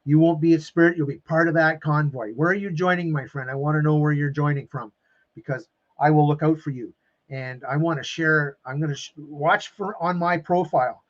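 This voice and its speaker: A man's voice: a little high, fairly even intonation, fairly quick. Emphatic man on a muffled live stream. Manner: emphatic, repeats phrases, calls viewers "my friends"; openly emotional and effusive. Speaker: motivational coach streaming live. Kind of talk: live-stream talk to viewers.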